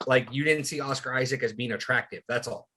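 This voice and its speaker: A relaxed man talking through a casual podcast chat in an ordinary mid-range voice. He swears freely and trips over restarts as he thinks aloud. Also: medium pitch, a little fast, slightly rough. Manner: laid-back, swears often, trails off in restarts. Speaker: podcast host.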